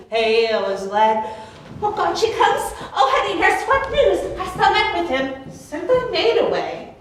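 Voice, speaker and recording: A woman playing an eager, impatient young girl in love in a live Shakespeare stage performance, pleading and restless, recorded from far off with echo. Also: high-pitched. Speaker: stage actor. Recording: echoey, distant camera mic, faint noise.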